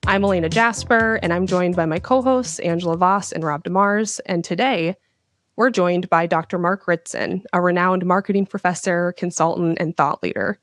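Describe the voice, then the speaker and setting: Polished woman podcast host, low voice. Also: moderate pace, no echo, faint music behind. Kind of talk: scripted podcast host intro and interview.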